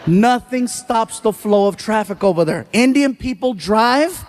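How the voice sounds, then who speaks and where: High-voiced, animated male stand-up comic. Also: measured pace, hardly any pauses. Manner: animated, exaggerated storytelling. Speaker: stand-up comedian. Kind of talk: stand-up storytelling. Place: comedy stage.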